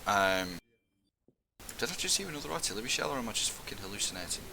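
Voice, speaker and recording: A man's voice: fairly low pitch, sing-song, fast talker, creaky, a loud crowd. A young man, giving sweary blunt banter as a squad leader in casual gaming chat.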